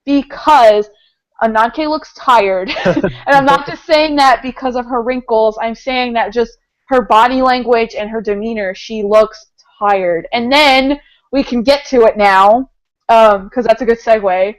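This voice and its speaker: Here the same kind of podcast co-host, a woman with a fairly high voice, speaks a little slowly while enthusing over a comic book. She laughs frequently and leans on "like" and "um," all captured in poor-quality audio.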